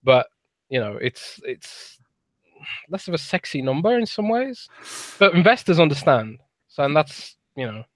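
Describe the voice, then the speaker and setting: A man's voice: a little high, big pitch swings, unhurried, no echo. A British man in his thirties co-hosting a podcast, chatty and working out his thoughts as he talks. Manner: chatty, thinks aloud in restarts. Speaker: podcast co-host. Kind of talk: casual podcast chat.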